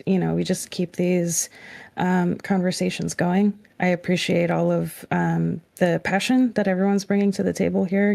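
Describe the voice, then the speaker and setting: A woman's voice: fairly low pitch, vocal fry, warm tone, no room sound. A woman speaking earnestly and from the heart in a casual group chat.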